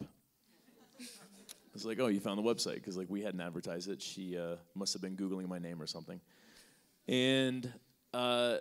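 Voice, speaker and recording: Man, low voice, podcast host, live Q&A, storytelling, relaxed, many fillers. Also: normal speed, long pauses. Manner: acts out both sides of a conversation.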